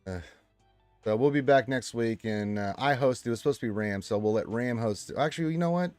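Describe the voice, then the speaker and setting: Casual male stream host, lively delivery, dry sound, faint music. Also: a little fast, dry recording. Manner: reads chat aloud with lively swings in pitch and loudness. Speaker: livestream host reading chat. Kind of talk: casual chat.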